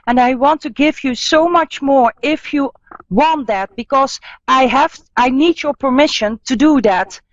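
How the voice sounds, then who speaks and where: A woman hosting a live radio call-in as a psychic medium, speaking slowly and soothingly and often repeating the caller's name. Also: sits high, dry recording, dull audio.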